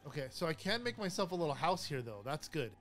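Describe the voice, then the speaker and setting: A man casually narrating his own gameplay, chatty and jumpy, easily startled and quick to laugh at himself. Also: fairly high pitch, big pitch swings, a bit bright, faint music behind. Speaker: gaming YouTuber. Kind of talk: casual let's-play commentary.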